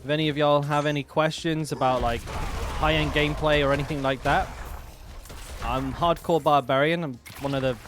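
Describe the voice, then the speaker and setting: A man's voice: a little high, steady tone, moderate pace, noisy background. A young man streaming a game, talking in a laid-back, rambling way with plenty of slang. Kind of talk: casual live-stream commentary. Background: game music.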